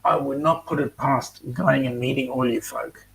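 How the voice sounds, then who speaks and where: A man's voice: mid-range voice, steady tone, normal speed, gravelly, a bit bright. An Australian man hosting a casual live stream, chatting and reading out viewer comments with plenty of ums. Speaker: host reading live chat.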